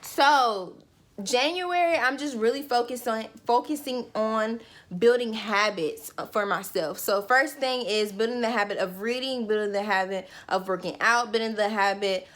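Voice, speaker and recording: A woman's voice: a little high, moderate pace, fairly bright tone. A young woman talking casually and animatedly straight to her viewers in a goal-setting vlog. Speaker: vlogger.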